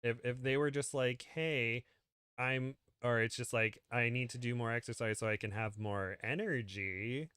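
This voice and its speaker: A man's voice: medium pitch, moderate pace, bright, forceful tone, clean tone, no room sound, clean studio sound. A man guesting on a live stream, chatting casually and rambling with frequent laughs. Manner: rambling, laughs often, slips into silly voices. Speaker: guest co-reader.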